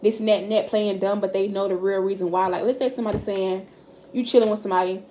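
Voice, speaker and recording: A woman's voice: medium pitch, steady tone, fast, warm tone. Blunt, foul-mouthed woman tarot reader. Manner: blunt and profane, addressing viewers directly. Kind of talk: casual direct-to-camera tarot reading. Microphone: camera mic.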